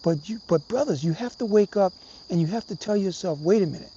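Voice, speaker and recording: Talking fairly quickly in a high, animated, warm voice, a middle-aged man rambles profanely to his livestream viewers and calls them brothers. Faint hiss sits under a slightly dull recording of this casual talk.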